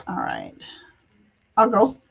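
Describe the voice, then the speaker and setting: A woman's voice: mid-range voice, gravelly, breathy edge, dull audio. A woman hosting a live tarot reading over a video call, talking in a chatty, giggly, meandering way. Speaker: tarot reader and show host.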